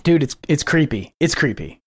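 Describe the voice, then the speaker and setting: Dude co-hosting a podcast, excitable, laughs a lot, swears casually. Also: male voice, a little high, normal speed, breathy edge. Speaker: podcast co-host. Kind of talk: casual chat.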